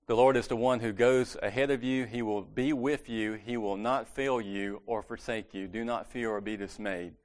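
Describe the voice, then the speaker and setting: A man's voice: lowish voice, steady tone, normal speed, hardly any pauses. A man giving a casual, conversational sermon at a church meeting, correcting himself and joking lightly as he goes.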